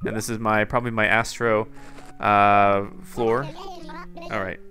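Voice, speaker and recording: A man's voice: lowish voice, level tone, a little slow, bright, forceful tone, soft background music. A young man giving casual, joking commentary on his own gameplay and talking to himself as he plays. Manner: joking, rambling, self-talking.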